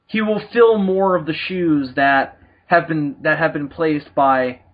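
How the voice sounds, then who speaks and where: A man co-hosting a podcast in casual chat, jokey and quick to laugh. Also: on the high side. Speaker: podcast co-host. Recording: dull lo-fi recording.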